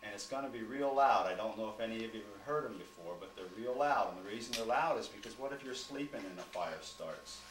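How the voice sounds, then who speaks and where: A man's voice: lowish voice, a little fast, few pauses, a bit bright. Male firefighter, classroom talk to preschoolers, patient and questioning, echoey classroom. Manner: patient, asks the kids lots of simple questions. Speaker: firefighter teaching preschoolers fire safety. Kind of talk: classroom talk to small children. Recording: echoey room from far off, noisy.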